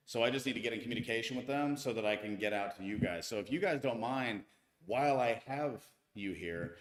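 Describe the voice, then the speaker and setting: Chatty American man live-streaming, roomy sound. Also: mid-range voice. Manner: chatty, reads viewer comments aloud, frequent restarts. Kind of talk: casual live-stream chat. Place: home with tile floors.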